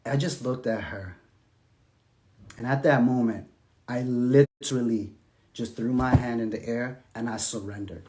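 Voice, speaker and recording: A man telling his own story to camera in casual storytelling, animated, with loose slang, swinging from loud outbursts to quiet murmurs. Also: medium pitch, unhurried, long pauses. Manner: loose slang, many restarts and fillers.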